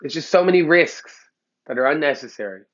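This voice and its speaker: In Los Angeles, a dog trainer lectures the camera bluntly, heated and profane. His voice is fairly high, expressive, and brisk, a bit bright, with lo-fi sound quality.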